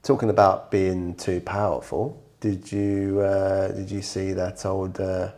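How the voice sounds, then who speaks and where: A man's voice: sits low, little pitch movement, a little slow, warm tone. A man co-hosting a casual podcast, rambling with many hesitations and ums. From Britain. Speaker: podcast co-host. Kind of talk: casual chat.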